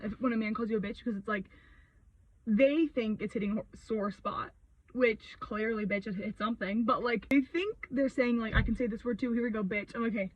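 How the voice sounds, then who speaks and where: A young woman vlogger ranting a story in a heated, sweary, expressive way, full of fillers. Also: a little high, slightly rough, recorded from a distance, lo-fi sound.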